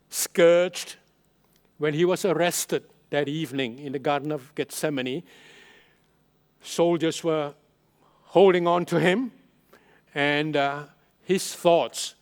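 A male pastor preaching a sermon, stressing and repeating key phrases, his loudness rising and falling for emphasis. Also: fairly high pitch, takes it slowly, pauses often, smooth.

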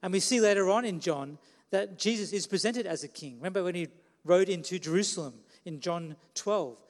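Guy preaching a sermon, kinda high voice, talks like a chat, asks questions, lots of hall echo. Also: a little fast. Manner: conversational, asks the listeners questions.

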